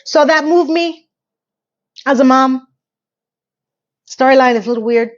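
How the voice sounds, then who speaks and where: A middle-aged woman recapping a TV episode in a chatty, emotional solo vlog. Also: highs cut off. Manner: chatty and emotional, with quick rises in pitch. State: tearful. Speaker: TV recap vlogger.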